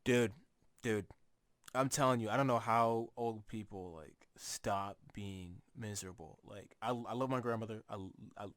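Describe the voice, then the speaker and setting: A man's voice: lowish voice, measured pace, fairly bright tone, dry recording. A young man co-hosting a podcast, telling rambling, swear-filled stories about his family in casual chat. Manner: rambling storyteller, swears freely, acts out relatives' lines. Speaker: podcast co-host.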